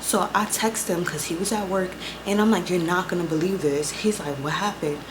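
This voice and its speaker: A young woman vlogger telling a story in a casual, profane, animated way, acting out both sides of the conversations. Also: lowish voice, a little fast, noisy background. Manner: profane, animated storytelling with quoted back-and-forth.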